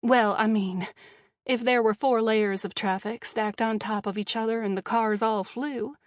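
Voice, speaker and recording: A woman narrating a first-person audiobook with a wry, measured delivery, recorded close in a studio booth. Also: fairly high pitch, steady tone, no room sound.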